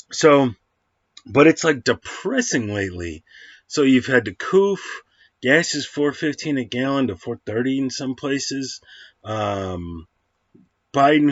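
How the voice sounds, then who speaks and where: A man's voice: lowish voice, dry recording, dull audio. A man rambling through a casual film review at home, full of fillers and restarts. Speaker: movie reviewer.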